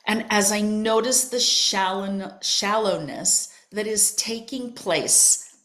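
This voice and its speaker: Older woman, podcast host, unhurried delivery, soft and emotional, spiritual storytelling. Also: mid-range voice. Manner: slow, soft and emotional, drifting into whispers.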